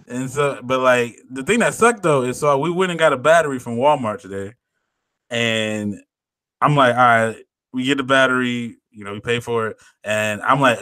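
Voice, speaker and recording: Bright-voiced young man telling a story. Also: mid-range voice, moderate pace, no room sound. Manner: storytelling, swears a lot, animated slang. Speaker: podcast co-host. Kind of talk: casual chat.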